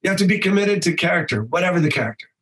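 An energetic man, a voice actor who also teaches improv, swears freely and slips into quick voices during an informal podcast interview. He has a high voice, captured on a rough recording.

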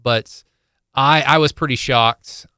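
A man's voice: mid-range voice, slow, pushed and bright, clean tone, no room sound, clean studio sound. A man co-hosting a podcast in casual sports chat, rambling with many fillers and restarts. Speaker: podcast co-host.

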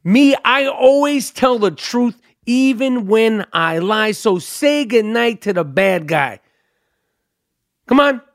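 A man's voice: very high voice, expressive, slow, dry recording, clean studio sound, heavily acted. A man doing Tony Montana, snarling. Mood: defiant. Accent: mock Cuban gangster accent. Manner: snarling, profane and boastful. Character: swaggering defiant male gangster boss.

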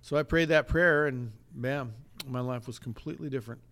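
Speaking a little fast in a mid-range voice, this man co-hosts a podcast and relays a story conversationally. He gets animated and performs the voices of anyone he quotes.

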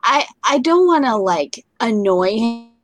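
A woman's voice: on the high side, lively intonation, measured pace. A woman guest on a casual chat show, a comedian talking in a chatty, hesitant way.

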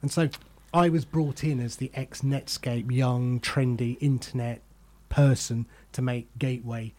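A man's voice: mid-range voice, fairly even intonation, measured pace, darkish tone. A middle-aged man hosting a podcast, chatting casually and telling self-deprecating stories from his career. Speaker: podcast host. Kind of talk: casual conversation.

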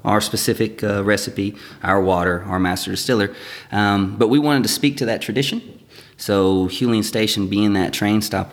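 A man's voice: fairly low pitch, vocal fry. A man who is a distillery representative, talking casually as a guest and explaining at length with many fillers. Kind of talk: casual podcast chat.

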